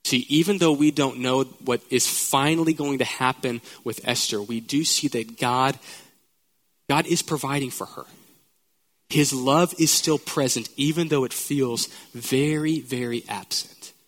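A man preaching a sermon in church, moving from playful, animated asides to slow, earnest points. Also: mid-range voice. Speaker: pastor.

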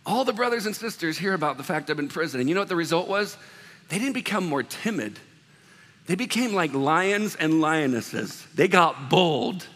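A man's voice: a little high, expressive, moderate pace, a bit bright, in a large hall. A man preaching a sermon as pastor, talking in a loose, conversational way with self-deprecating asides.

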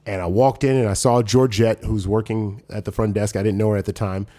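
A man in his forties, a former pro football player, telling stories as a podcast guest and acting out what people said. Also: a little fast. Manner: animated, acts out quoted voices with big pitch jumps. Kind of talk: casual storytelling chat.

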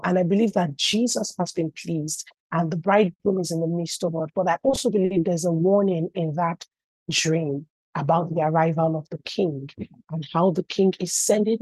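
Woman pastor, husky, dry sound, chatty storytelling sermon full of asides. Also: on the low side, mellow, no echo, low-quality recording. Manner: storytelling, many "you know" asides. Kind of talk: conversational preaching.

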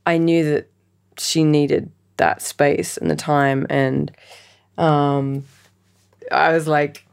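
Woman, lowish voice, reflective, wry laughter, interview guest. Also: steady tone, measured pace, creaky, smooth. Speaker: musician guest.

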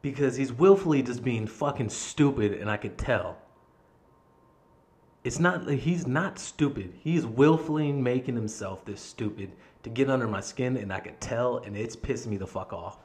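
Speaking at a normal speed in a medium-pitched voice, a man hosts his own podcast and spins a casual, angry, profanity-laden story. When quoting himself, he acts out his own shouting.

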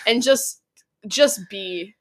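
A teenage girl co-hosting a podcast, chatting casually with teasing quick reactions. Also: on the high side, crowd noise. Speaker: podcast co-host. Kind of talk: casual chat.

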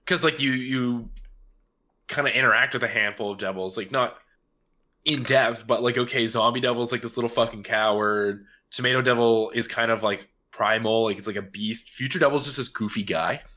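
A man's voice: mid-range voice, normal speed, bright, forceful tone. A man chatting casually about an anime, rambling with lots of fillers. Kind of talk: casual chat.

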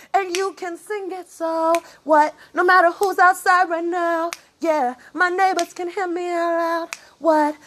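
A woman in an improvised, half-sung monologue, answering herself with rhythmic "what?" and "yeah", swinging between soft murmurs and loud sung bursts. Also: very high voice, a little hiss or hum.

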